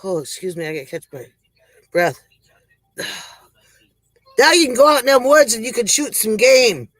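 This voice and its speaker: Male performer as a rambling, breathless country-woman comic host; high voice, slow, dry close sound. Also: expressive, fairly bright tone, dry recording, full character voice, low-quality recording. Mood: folksy. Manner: rambling, sighing between jokes. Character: folksy joke-telling country woman host. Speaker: comedy show host. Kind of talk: comic monologue.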